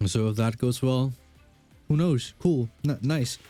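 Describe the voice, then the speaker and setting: A man's voice: mid-range voice, measured pace, mellow, soft background music. A young man streaming a game, casually rambling through questions with lots of fillers and self-deprecating asides. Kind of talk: casual chat while gaming.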